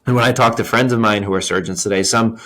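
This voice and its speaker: A man's voice: lowish voice, fast talker, a bit bright. A man hosting a podcast, sharing thoughts and asking long, friendly, rambling questions. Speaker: podcast host. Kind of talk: casual interview conversation.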